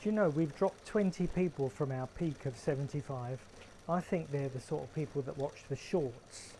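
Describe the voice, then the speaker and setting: Man, London accent, wry deadpan humour, mellow voice, live-stream chat, faint background noise. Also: on the high side, moderate pace, rough recording. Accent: London English. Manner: dry, wry joking. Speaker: livestream host. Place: garden shed.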